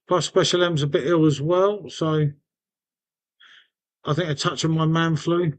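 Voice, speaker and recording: A man talks loosely to his live stream viewers. His voice sits a little high, and he rambles from one thought to the next, calling everyone mate. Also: fairly even intonation, measured pace. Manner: rambling, chatty, says mate often. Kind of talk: casual live stream chat.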